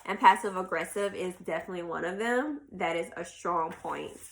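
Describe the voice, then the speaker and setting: A woman's voice: on the low side, moderate pace, a little hiss or hum. A woman hosts a podcast in a casual chat, reading passages from a self-help book aloud and talking to listeners as y'all. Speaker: podcast host.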